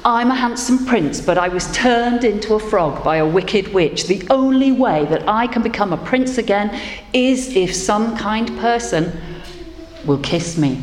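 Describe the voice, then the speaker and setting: A woman's voice: medium pitch, animated, measured pace, voice pushed up, natural voice. A woman voicing an eager, pleading male frog who wants a kiss, in a roomy hall. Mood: coaxing. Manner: pleading, coaxing. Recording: roomy hall with faint ambience.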